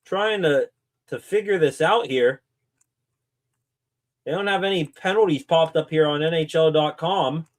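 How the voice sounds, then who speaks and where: Higher-pitched man calling hockey live. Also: unhurried, long pauses. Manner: excited, rambling, with fillers and self-corrections. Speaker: sports channel host. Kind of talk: live play-by-play reaction commentary.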